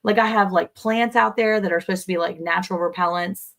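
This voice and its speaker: A woman's voice: fairly low pitch, fairly even intonation, a little fast, fairly bright tone. A woman co-hosting a casual livestream chat, talking freely and greeting viewers by name. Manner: chatty, reads out viewer comments. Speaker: livestream co-host.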